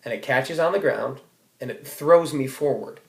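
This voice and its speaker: A man's voice: medium pitch, moderate pace, creaky. Teen boy, student speech, wry storyteller with sudden outbursts; echoey room. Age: teens. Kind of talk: comic personal essay read aloud.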